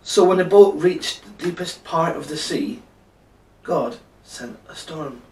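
Brief: man, slow and playful bedtime storyteller, roomy sound from off mic. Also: a little high, darkish tone, recorded from a distance. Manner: chatty, playful, talks to listener.

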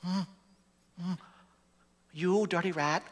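A man's voice: sits high, steady tone, takes it slowly, in a large hall, voice pushed up. A man impersonating a tough old-movie gangster, grunting "mm" between clipped threats. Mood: mock-menacing.

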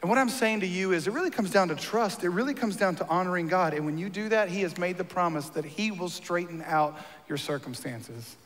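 A man's voice: high voice, a little fast, hardly any pauses, fairly bright tone. A man preaching a sermon as a pastor, conversational and joking, with emphatic lines. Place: church. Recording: long reverb of a church hall.

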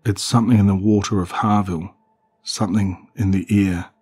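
A man's voice: on the low side, steady tone, fairly quick, mellow, husky. A man voicing a grim middle-aged father who speaks with urgent, fatalistic weight.

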